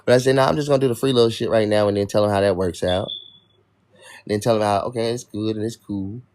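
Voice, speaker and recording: A man's voice: on the low side, fast talker, a little mellow. A young man hosting a livestream, venting in an irritated, profane rant to his chat. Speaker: livestream host. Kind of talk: ranting livestream talk to chat.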